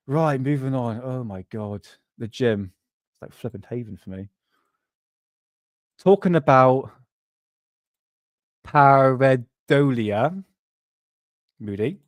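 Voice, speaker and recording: Male livestream host, cheeky and rambling, mid-pitched voice, dry close sound. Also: darkish tone, no echo. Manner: rambling, laughing, cheeky, swears freely. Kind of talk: casual livestream chat.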